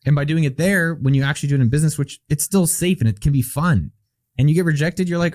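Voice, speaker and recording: A man, a guest entrepreneur on an interview podcast, telling stories in an animated, emphatic way. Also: a little high, fast, no room sound, studio quality. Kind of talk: conversational interview.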